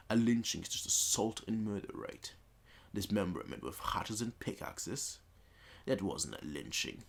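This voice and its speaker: A man's voice: fairly low pitch, creaky. A man hosting a let's play, reading a visual novel aloud with rambling, self-correcting commentary.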